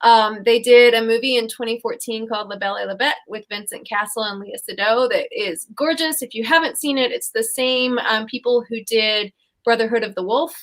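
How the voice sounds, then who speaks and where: Brisk and fairly high-pitched, this young co-host rambles cheerfully through fairy tale retellings on a relaxed chat show, giggling often along the way.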